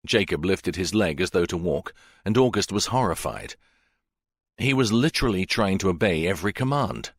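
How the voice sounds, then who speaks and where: A man narrating a fiction audiobook in a steady, measured way. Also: low voice, no echo, studio quality. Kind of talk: scripted narration.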